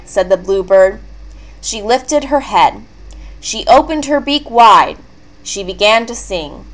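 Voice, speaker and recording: Slow, expressive woman reading a story. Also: a little high. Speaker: narrator.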